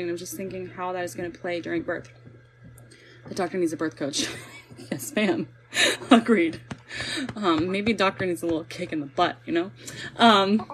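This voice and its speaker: A young woman hosting a casual live chat as a birth coach, bubbly and animated, laughing easily. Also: fairly low pitch, slight background noise, low-quality recording. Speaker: podcast host, birth coach.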